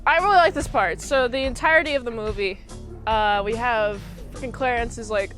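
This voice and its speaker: With faint music in the background, a young movie reviewer rambles through a film recap full of fillers, breaking into silly impressions of the characters. Her voice is fairly high and fairly bright, and she keeps a moderate pace.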